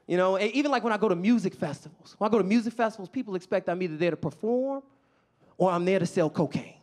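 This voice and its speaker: A man's voice: sits high, fast talker. A young man from the south side of Chicago doing a stand-up comedy set on a club stage, acting out characters in funny voices. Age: young adult. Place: comedy club stage before a live audience.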